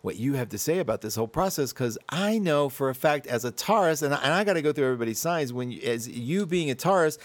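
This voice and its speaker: A man's voice: medium pitch, animated, quick pace, few pauses, no room sound. A man hosting an online panel in casual chat, rambling and laughing often. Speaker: host. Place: Colorado mountains.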